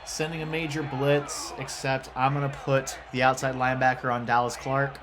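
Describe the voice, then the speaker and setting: A man casually commentating his own football video game session, reacting loudly to plays and talking to the players on screen. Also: mid-range voice, level tone, moderate pace, noisy background. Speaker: gamer playing a football video game franchise. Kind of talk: casual let's-play commentary. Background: game music.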